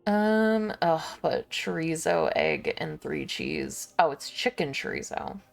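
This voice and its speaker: A young woman streamer chatting casually to her viewers while she shops online, thinking out loud and laughing often. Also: low voice, huge pitch swings, slow pace, gravelly.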